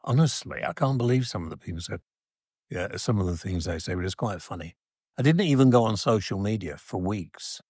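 A man's voice: lowish voice, lively intonation, fairly quick, a little mellow, husky, no echo, clean studio sound. A middle-aged man with a Geordie accent, rambling and self-deprecating in a casual chat with his wife.

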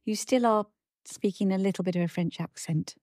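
A woman's voice: mid-range voice, fairly quick, darkish tone, no echo, studio quality. Wry, teasing older woman. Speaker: podcast co-host. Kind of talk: casual chat.

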